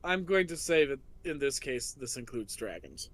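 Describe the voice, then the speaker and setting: A man's voice: mid-range voice, big pitch swings, moderate pace, a bit bright. A man narrating and running a tabletop game as game master, playful and descriptive.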